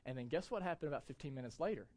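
A man's voice: on the high side, lively intonation, rapid-fire, a little mellow. A young adult man giving a church sermon as pastor, speaking with emphasis and asking the congregation frequent rhetorical questions.

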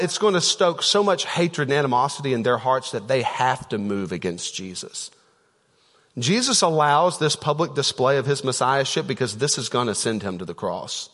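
In a church auditorium with long hall reverb, a male pastor with a slightly high, fairly bright voice gives a casual, conversational sermon. He tells a story, stumbling through many fillers and restarts.

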